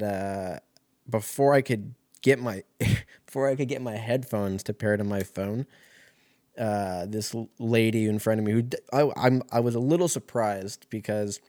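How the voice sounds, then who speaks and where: A man's voice: lowish voice, a little slow, darkish tone, dry recording, studio quality. A young man telling a rambling, profane story in a casual way, often laughing.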